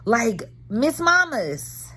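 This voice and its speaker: A woman's voice: fairly high pitch, very animated, extremely slow, bright, forceful tone, husky. A woman in her thirties talking candidly and dramatically to viewers about therapy, full of slang, recorded in her car. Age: 30s. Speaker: vlogger. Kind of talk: casual chat.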